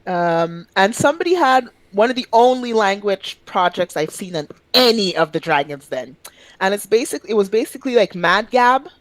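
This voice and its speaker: A woman from Quebec chatting on a podcast, telling animated stories with sudden high-pitched outbursts and swearing freely. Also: moderate pace, no echo, low-quality recording. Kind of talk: casual chat.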